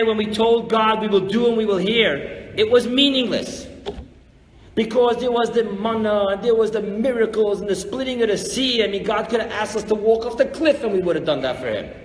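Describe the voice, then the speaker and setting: A man, a rabbi, teaching a live weekly religious class, animated and full of rhetorical questions, acting out grumbling voices. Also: sits high. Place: lecture room before a live audience. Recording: echoey hall with long reverb, faint noise.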